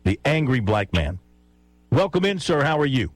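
A man's voice: mid-range voice, very animated, normal speed, dry recording, rough recording. A man hosting sports talk radio, making playful predictions and teasing his caller. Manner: playful, teasing, laughs at his own picks.

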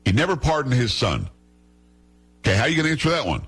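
A man's voice: mid-range voice, very animated, fast, heavy background noise. A male host giving indignant political commentary, full of sarcasm and rhetorical questions.

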